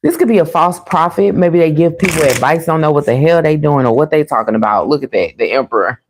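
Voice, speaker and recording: Low-voiced chatty woman reading tarot. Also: quick pace, hardly any pauses, breathy edge. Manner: chatty, animated, laughs often, addresses viewers as y'all. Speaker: tarot reader. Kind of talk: casual tarot reading to viewers.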